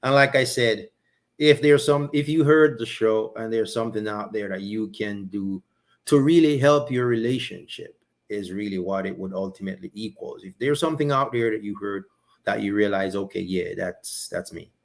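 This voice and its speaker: A man hosting a podcast in a casual monologue, animated and repeating phrases for emphasis. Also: lowish voice, normal speed, gravelly. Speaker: podcast host.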